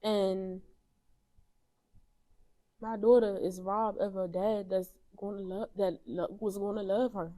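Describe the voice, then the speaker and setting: Mellow-voiced grieving young woman. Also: mid-range voice, fairly even intonation. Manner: soft-spoken, halting, grieving. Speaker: interview guest. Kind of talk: emotional personal conversation.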